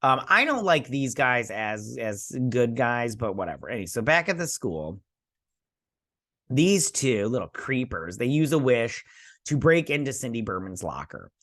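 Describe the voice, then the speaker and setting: A man's voice: medium pitch, sing-song, measured pace, a bit bright. A man hosting a casual episode recap and review, rambling with lots of fillers as he paraphrases the characters. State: sleepy, yawning. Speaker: host.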